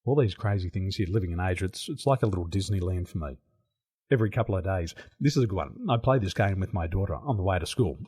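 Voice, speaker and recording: A man's voice: deep voice, fast talker, slightly rough. A man from Australia with an Australian accent, a guest in a casual interview, telling stories with lots of laughter. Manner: animated storyteller who laughs often. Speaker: podcast guest. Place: home in Taiwan.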